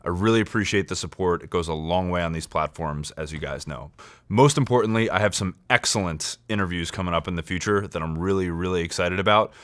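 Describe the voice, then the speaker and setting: Low-voiced male podcast host. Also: a little fast, a bit bright, no room sound. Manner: friendly, direct appeal to viewers. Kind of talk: podcast outro.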